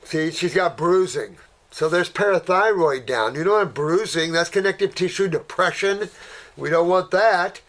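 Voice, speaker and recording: A man's voice: high voice, moderate pace, a bit bright. An older man in a casual question-and-answer talk, rambling and folksy, calling people honey and sweetheart and trailing off as he searches for words. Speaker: naturopath answering viewer questions. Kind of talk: casual Q&A commentary.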